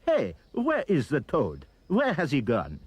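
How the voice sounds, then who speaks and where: A man voicing a greedy crowd of townsfolk shouting excitedly about a feast. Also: a little high, a little slow, husky, pitched above the performer's own voice, full character voice. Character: greedy shouting French townsfolk, male mob.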